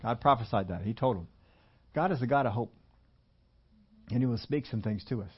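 A man's voice: medium pitch, brisk, husky, dull audio. An older man preaching a sermon in a church, talking in a folksy, conversational way with many repetitions. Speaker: pastor.

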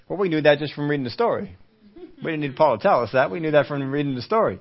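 A man's voice: on the high side, animated, quick pace, dull audio. Man preaching a conversational sermon. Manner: conversational preaching, asks the congregation questions. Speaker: pastor.

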